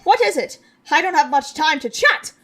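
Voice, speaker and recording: A woman voicing an excitable, boastful male squid-like creature who shouts most lines. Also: high-pitched, moderate pace, voice pushed up. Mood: excited, loud.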